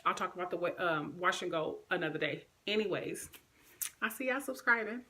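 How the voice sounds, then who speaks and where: A woman's voice: on the low side, animated, a little fast, bright, forceful tone. A woman in her thirties, a vlogger telling a storytime to camera in a chatty, rambling way that speaks straight to her viewers. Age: 30s. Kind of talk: casual storytime chat to camera.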